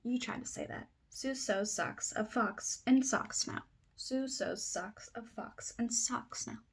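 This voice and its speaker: A woman reading a children's book aloud at circle time, trying tongue twisters slowly and then fast, with playful asides. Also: fairly high pitch, gravelly, husky. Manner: reads tongue twisters slowly, then races through them, comments playfully.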